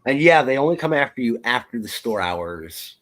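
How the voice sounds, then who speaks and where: An adult man co-hosting a podcast, chatting casually and telling stories in a playful, animated way. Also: medium pitch, moderate pace. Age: adult, parent of a twelve-year-old. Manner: animated, playful storytelling with jokes. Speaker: podcast co-host. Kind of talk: casual chat.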